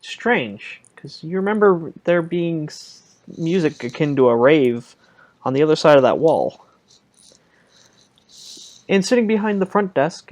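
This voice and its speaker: A man running a tabletop game as game master, narrating in a casual, halting way. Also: on the high side, a little mellow.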